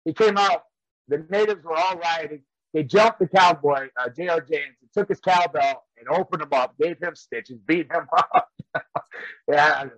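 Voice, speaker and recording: A man's voice: a little high, moderate pace, fairly bright tone, no echo, poor audio. A man and former wrestler telling rambling stories in casual chat, often laughing as he goes. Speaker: professional wrestler and trainer.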